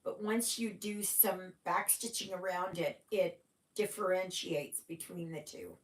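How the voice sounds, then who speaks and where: A woman's voice: lowish voice, measured pace. A middle-aged woman hosting a cross-stitch livestream, chatting casually with viewers, yawning and trailing off now and then. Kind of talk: casual chat with live viewers. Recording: echoey room.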